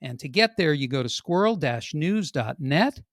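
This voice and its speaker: A man hosting a podcast, opening the show in an energetic, jokey way. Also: moderate pace, no echo, studio quality, soft background music. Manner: energetic and jokey, pitch jumps for emphasis. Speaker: podcast host. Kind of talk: upbeat podcast introduction.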